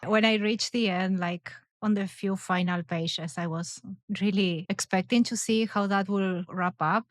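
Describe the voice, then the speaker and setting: A woman's voice: medium pitch, steady tone, a little slow, dry recording, studio quality. A woman author hosting a casual interview, speaking thoughtfully as she asks questions and gives praise. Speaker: author and host.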